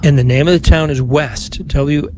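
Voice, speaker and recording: An older man, a priest, leading a rosary on air and talking with callers in a warm, chatty, consoling way. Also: on the high side, moderate pace, a little hiss or hum. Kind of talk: live rosary broadcast with callers.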